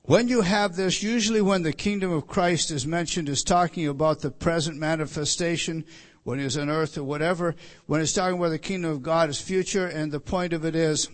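A man's voice: on the high side, a little fast. A man preaching an expository sermon, emphatic, often repeating himself and restarting sentences. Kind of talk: expository sermon on a Bible passage.

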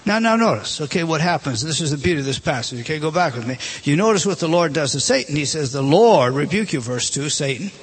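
A man preaching a sermon in a high, husky voice. He keeps questioning his listeners directly, pushing his voice up and pulling it back down for emphasis. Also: animated, fast talker, hardly any pauses, fairly bright tone. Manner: rising and dropping emphatically, direct questions to the congregation.

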